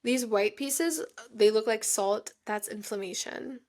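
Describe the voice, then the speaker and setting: A woman's voice: a little high, unhurried, darkish tone. A young woman hosting a podcast, telling a personal story with emotion and frequent filler "like". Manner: emotional, heavy use of "like". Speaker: podcast host.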